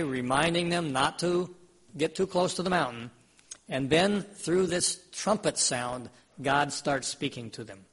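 A man with a slightly high, husky voice preaches a relaxed, conversational sermon. He retells scripture in plain everyday words and often turns to his listeners with questions. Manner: conversational, asks the audience questions.

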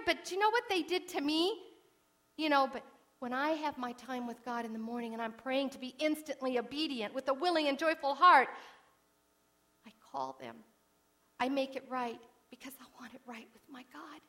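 A woman preaching a sermon in an earnest way, moving from hushed asides to emphatic declarations. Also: high voice.

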